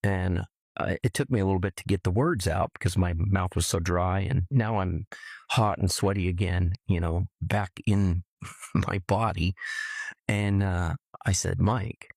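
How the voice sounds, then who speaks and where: A middle-aged man from California telling a personal story earnestly, haltingly, often repeating words as he remembers. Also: low voice, fairly even intonation, gravelly, darkish tone, breathy edge, dry recording. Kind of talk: personal testimony.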